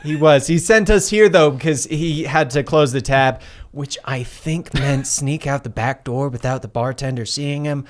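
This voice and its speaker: A man's voice: mid-range voice, normal speed. A man playing a tabletop game, speaking in wry, playful banter. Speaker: player. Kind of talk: casual tabletop game play.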